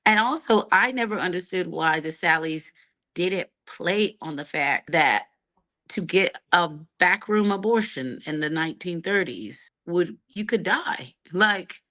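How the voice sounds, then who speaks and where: A woman's voice: on the low side, unhurried. A woman from the United States, a stage actress and singer, telling stories animatedly as a guest in a casual interview. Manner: animated storyteller who acts out quoted people.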